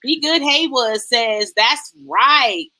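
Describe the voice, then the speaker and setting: A high-pitched woman hosts a live stream and reads viewer comments aloud. Her tone is bright and clear, and she greets each viewer in a lively, sing-song way. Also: slow, low-quality recording. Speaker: host.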